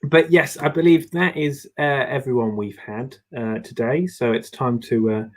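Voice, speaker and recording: A man's voice: mid-range voice, fairly even intonation. Hesitant young man wrapping up a show. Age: young adult. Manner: hesitant, halting with fillers. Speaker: show host, first-time MC. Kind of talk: casual sign-off.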